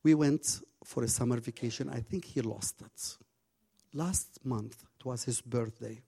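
A man preaching a sermon and telling a story with passion, swinging from hushed tones to loud bursts, his English phrasing slightly broken. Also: medium pitch, measured pace, gravelly, slightly rough.

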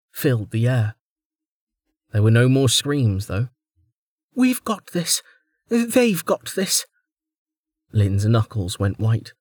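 A man's voice: medium pitch, darkish tone, dry recording. A man narrating a fantasy audiobook with dramatic storytelling, close to the mic. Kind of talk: scripted narration.

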